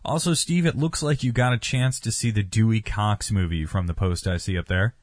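A man hosting a radio show, moving smoothly between segments. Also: fairly low pitch, brisk, dry recording, studio quality. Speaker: radio host.

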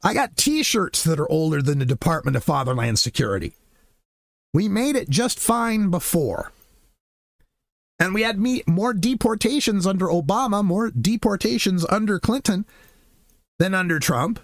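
A man's voice: sits high, lively intonation, normal speed, no room sound. Male commentator, sarcastic and fired up, voice leaping up and down, dry close mic. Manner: sarcastic, impassioned. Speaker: political commentator. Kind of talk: opinionated commentary monologue.

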